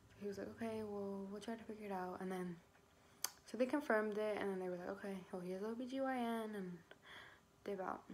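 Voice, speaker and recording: A woman's voice: mid-range voice, fairly quick, darkish tone, a little hiss or hum. A young adult woman telling a personal story in a casual storytime vlog, swearing often, filling with "like" and acting out her own past lines. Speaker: vlogger.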